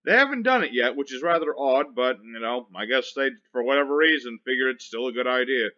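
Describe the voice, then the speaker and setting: Wry, chatty man with a bright voice. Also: medium pitch, expressive, brisk, highs cut off, slight background noise. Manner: chatty, wry, grumbles sarcastically at opponents. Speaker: gameplay commentator. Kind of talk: casual card-game play commentary.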